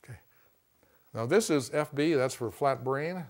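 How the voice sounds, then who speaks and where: In a classroom lecture about communication, a medium-pitched man keeps things folksy and conversational. He frequently drops "see" and "you know" and performs short quoted lines.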